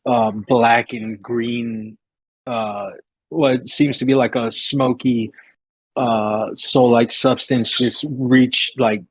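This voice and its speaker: A man's voice: mid-range voice, breathy edge, no echo, rough recording. A man playing in an online tabletop game, talking casually with frequent hesitations over a call mic. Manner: hesitant, many fillers. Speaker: player.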